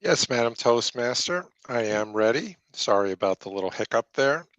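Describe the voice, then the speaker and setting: A man's voice: medium pitch, animated, normal speed, fairly bright tone, no room sound. A man formally greeting a club meeting before presenting a quote.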